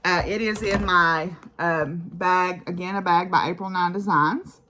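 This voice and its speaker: A chatty woman talks through her knitting and stitching projects at home in a relaxed, rambling vlog. Her voice sits a little low but sounds bright and forward, and she fills the pauses with "uh" and "so". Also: a little hiss or hum. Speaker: crafting vlogger. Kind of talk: casual chat about craft projects.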